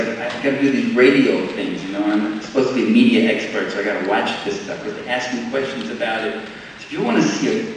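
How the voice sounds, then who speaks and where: An older man giving a sarcastic, animated political lecture to a live audience, with frequent restarts. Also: lowish voice, slight background noise. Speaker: public lecturer. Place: large lecture hall. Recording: echoey hall, distant mic, faint ambience.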